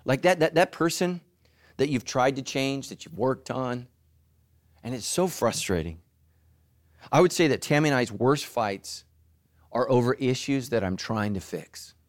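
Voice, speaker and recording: A middle-aged man preaching a sermon as pastor, animated, who leaps into high mocking voices for asides. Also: a little slow, long pauses, no room sound, studio quality.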